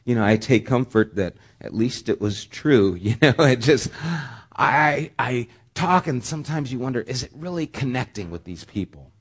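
A man preaching a sermon as pastor, talking in a conversational way with joking asides. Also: mid-range voice.

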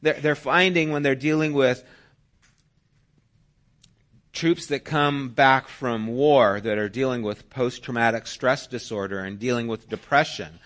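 A male pastor delivers a sermon in an earnest, conversational tone. He makes his points through everyday stories. His voice sits at an ordinary middle pitch for a man. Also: normal speed, few pauses, a bit bright. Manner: earnest, conversational preaching with anecdotes.

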